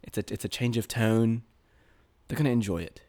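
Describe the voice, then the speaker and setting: A man's voice: fairly low pitch, a little fast, warm tone, close to an everyday voice. A man co-hosting a podcast while putting on a mock-confident fake British accent in casual chat. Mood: mock-serious. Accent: put-on British. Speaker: podcast co-host.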